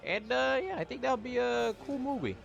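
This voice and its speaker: A man's voice: extremely high pitch, expressive, moderate pace, creaky, fairly bright tone, muffled recording, faint music behind. A man giving sarcastic, exasperated and profane reaction commentary while watching a movie. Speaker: YouTuber.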